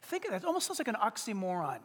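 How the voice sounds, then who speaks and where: A man preaching with a strikingly high voice that leaps all over the place. His delivery is playful and humorous, full of acted-out little scenes. The sound carries a long, hall-like reverb. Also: wildly swooping pitch, rapid-fire, fairly bright tone. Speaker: pastor. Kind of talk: sermon.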